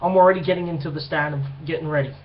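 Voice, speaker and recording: A young man with a high-pitched voice tells a rambling story full of swearing, acting out the people in it. The recording is dull and lo-fi. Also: racing. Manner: profane, rambling, animated retelling. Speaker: vlogger. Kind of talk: casual storytelling monologue.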